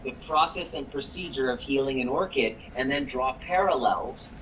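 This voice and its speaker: A man, a chiropractic coach and guest, telling a story on a live call in an energetic way, quoting people as he goes. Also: medium pitch, moderate pace, lo-fi sound, slight background noise. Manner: energetic, quotes people in the story, repeats words when excited.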